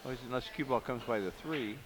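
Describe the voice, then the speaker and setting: A man's voice: medium pitch, quick pace. A man commentating a pool match live, analyzing each shot and thinking aloud, often trailing off mid-sentence.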